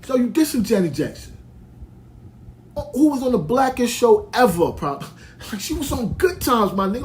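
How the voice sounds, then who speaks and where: A man's voice: high-pitched, a little mellow, slight background noise. Heated, rambling New man. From United States (Brooklyn). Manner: heated, emphatic, rambling with restarts. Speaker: podcast host. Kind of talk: ranting monologue.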